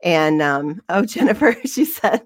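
A chatty woman co-hosting a livestreamed podcast, rambling freely and laughing often. Her voice sits fairly low but swings widely in pitch. The sound is dry and close. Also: expressive, measured pace, no echo. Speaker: fitness instructor. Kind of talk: casual chat.

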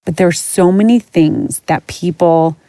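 A woman's voice: lowish voice, a little slow, warm tone, dry recording. A middle-aged woman hosting a podcast, ranting in a blunt, profane and exasperated way. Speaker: podcast host. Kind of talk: casual ranting monologue.

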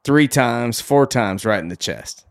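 A man's voice: mid-range voice, lively intonation, unhurried. A man co-hosting a podcast, trading loose, profane, laughing banter about a movie. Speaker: podcast co-host. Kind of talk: casual movie-recap chat.

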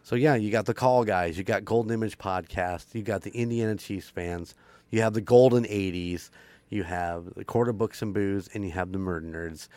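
A man's voice: on the low side, moderate pace, a little mellow, dry recording. A man hosting a paranormal podcast, wrapping up in a rambling, upbeat way with frequent laughs. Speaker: podcast host. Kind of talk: casual podcast outro chat.

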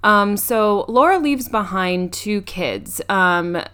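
A woman's voice: mid-range voice, lively intonation, takes it slowly, fairly bright tone, smooth. A young woman co-hosting a podcast, casually recapping a movie's plot with frequent ums and restarts. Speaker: podcast co-host.

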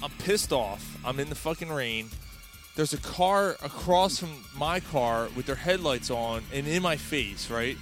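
A man hosting a podcast, telling a story in a casual, animated way and swearing often. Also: medium pitch, a little slow, over music. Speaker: podcast host.

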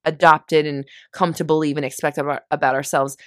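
A woman's voice: low voice, flat delivery, a little fast, no echo, studio quality. A woman coaching listeners in a casual motivational monologue, chatty and self-mocking when she loses her words.

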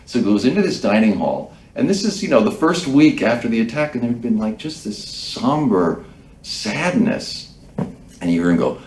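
A man telling an anecdote to an audience, animated, with soft hesitant pauses. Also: fairly low pitch, echoey room.

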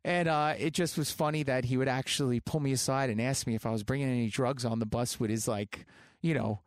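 A man's voice: medium pitch, steady tone, a little fast, no room sound, studio quality. A man in his thirties, a musician guest telling tour stories in a casual, chatty way, laughing often. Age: 30s. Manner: chatty, laughs often, restarts mid-sentence. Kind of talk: casual storytelling.

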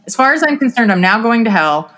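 A woman co-hosting a podcast, telling a story from her own life. She speaks earnestly and with animation in a relaxed, casual conversation. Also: on the high side, quick pace. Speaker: podcast co-host.

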